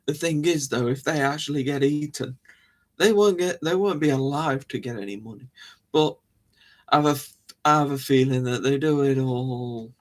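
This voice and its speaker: A man's voice: mid-range voice, moderate pace. A man hosting a live chat stream, rambling casually, laughing often and restarting his sentences. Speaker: livestream host.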